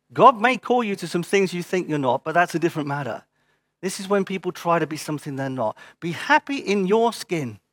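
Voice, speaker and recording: A man's voice: on the high side, a bit bright, no echo. A man preaching a sermon as pastor, earnest and emphatic, repeating short phrases, then giving church notices.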